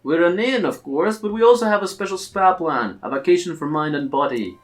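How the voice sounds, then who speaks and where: A game player voicing a chatty, flirty innkeeper woman who gushes and flatters, reading game dialogue aloud. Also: mid-range voice, fairly quick, lightly acted. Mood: flattering. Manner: gushing and flattering.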